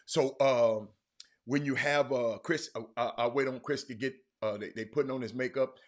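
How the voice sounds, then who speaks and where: A man hosting a casual livestream sports talk show, rambling and animated, with frequent restarts and fillers. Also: mid-range voice, moderate pace.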